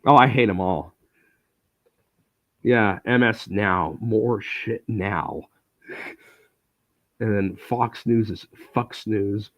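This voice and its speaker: A man's voice: lowish voice, extremely slow, long pauses, a bit bright, no echo, dull audio. A man streaming live, chatting casually in a rambling, sarcastic way with many filler words.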